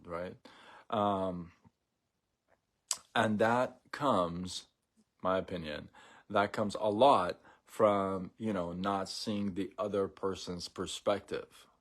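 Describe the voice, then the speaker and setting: A man hosting a casual live stream, talking in a relaxed, rambling way with many fillers and restarts. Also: low-pitched.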